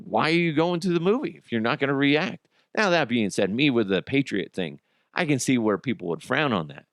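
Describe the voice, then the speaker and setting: Brief: middle-aged male podcast host, lively swinging pitch, dry close sound, rambling comic tales. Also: no echo. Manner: animated storyteller, swears, acts out quotes in high voices. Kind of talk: casual comedic monologue.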